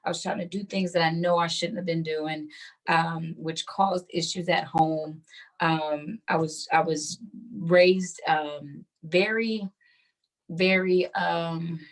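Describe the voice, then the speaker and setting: A slightly low-pitched woman speaks as an author being interviewed. She talks in an animated, chatty way, full of fillers and quick laughs. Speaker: guest author. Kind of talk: conversational interview.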